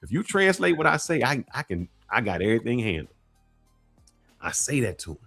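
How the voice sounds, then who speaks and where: Man, lively swooping delivery, animated storyteller, slangy, faint music behind. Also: mid-range voice, brisk, gravelly, husky. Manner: animated, slangy storyteller who acts out voices and laughs often. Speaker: podcast co-host telling a travel story. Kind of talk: casual storytelling chat.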